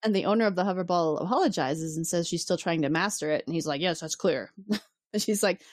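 A woman co-hosting a podcast in casual chat, recapping an episode with lively acted-out lines and frequent laughter. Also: lowish voice, fairly quick, no echo, clean studio sound. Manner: animated, acts out characters' lines, laughs often. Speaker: podcast co-host.

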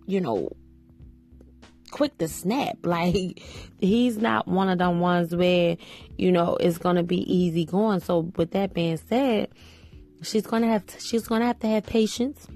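A woman podcast host talks through a reality show episode in a loose, rambling way, leaning on "you know" again and again. Her voice sits low with a gravelly fry. Faint music plays under her. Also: unhurried, a little mellow. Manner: chatty, many "you know" fillers. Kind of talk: casual commentary on a reality show.

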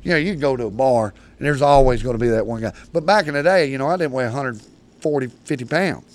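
A man guesting on a studio podcast, telling rough, colloquial stories in a rambling way with restarts. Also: medium pitch, fast. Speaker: podcast guest, predator hunter. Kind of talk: casual storytelling.

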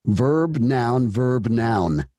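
An encouraging voice-over coach takes an actor through a script, explaining with repeated words and restarts. He speaks extremely slowly in an expressive, mellow mid-range voice, captured as clean studio sound with no room sound.

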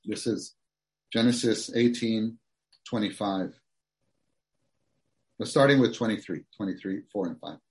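A man's voice: on the low side, unhurried, long pauses, a little mellow. A man preaching a sermon, reading outline points aloud and then expounding earnestly to the congregation.

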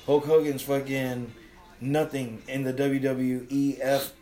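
A man's voice: medium pitch, takes it slowly, rough recording. A man chatting casually on a podcast, rambling and swearing constantly. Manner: profane, rambling, animated. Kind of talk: casual chat.

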